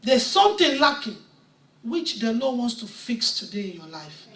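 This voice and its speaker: Woman preacher, fervent sermon, high voice, distant echoey church recording. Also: very animated, moderate pace. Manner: impassioned, swelling to shouts, quoting scripture. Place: church sanctuary.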